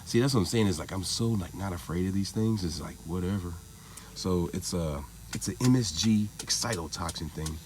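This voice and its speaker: A man with a lowish voice rambles through a casual vlog monologue. He swears freely and shrugs things off with a loose, offhand delivery. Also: normal speed, noisy background. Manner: rambling, profane, laughing it off. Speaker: vlogger.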